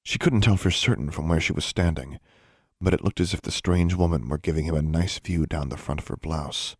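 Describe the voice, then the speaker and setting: Male narrator, very low voice, steady audiobook reading, dry close mic. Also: fairly quick, no room sound. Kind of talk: scripted narration.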